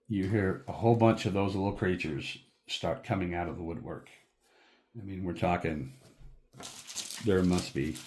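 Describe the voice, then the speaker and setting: Deep-voiced guy running a tabletop game, slow, lots of ums while describing stuff. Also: darkish tone. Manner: unhurried and descriptive, with many fillers. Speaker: game master.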